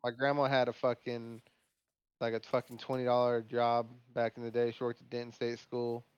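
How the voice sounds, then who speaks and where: A man's voice: mid-range voice, monotone, moderate pace, a little mellow, clear, resonant tone, no room sound, highs cut off. A man co-hosting a podcast in casual chat, blunt and offhand, swearing freely. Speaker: podcast co-host.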